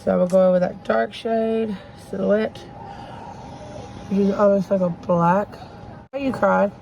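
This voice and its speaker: A woman's voice: mid-range voice, fairly even intonation, moderate pace, creaky, warm tone, lo-fi sound, slight background noise. Chatty woman doing makeup. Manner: chatty, talks straight to viewers while doing makeup. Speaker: makeup vlogger. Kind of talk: casual get-ready-with-me chat. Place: home, children around.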